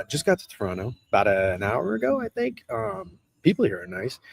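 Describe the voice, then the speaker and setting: A man's voice: on the low side, gravelly, darkish tone, breathy edge, dry recording. A man in his thirties, hosting a live stream in casual chat, rambling and profane and answering chat as he goes. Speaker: streamer host. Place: hotel room.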